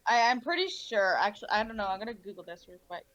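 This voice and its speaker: A woman co-hosting a casual chat, talking with quick chatty asides. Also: medium pitch, big pitch swings, fairly bright tone, dry recording. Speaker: podcast co-host. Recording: dull lo-fi mic.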